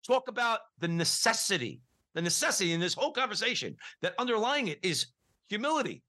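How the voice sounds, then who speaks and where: A chatty male podcast co-host with a bright, forceful voice, pitched a little high. He talks in a loose, hesitant way and sets up questions for his guest. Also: animated, a little fast. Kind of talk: casual podcast conversation.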